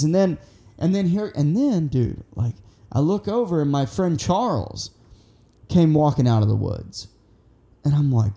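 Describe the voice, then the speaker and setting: Young man, casual storyteller, profane and rambling, mellow tone. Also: on the high side, moderate pace. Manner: rambling, profane, excitable, acts out quotes.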